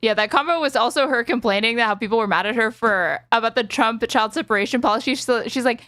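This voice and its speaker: A woman's voice: on the high side, quick pace, hardly any pauses, fairly bright tone, dry recording. A woman co-hosting a casual chat, blunt and laughing often, swearing freely. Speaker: co-host.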